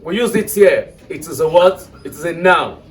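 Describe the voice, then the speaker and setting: High-voiced male teacher in an echoey classroom. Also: lively intonation, normal speed. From Nigeria. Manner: checks in often with his students. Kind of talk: classroom English lesson. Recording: echoey room, mic far off.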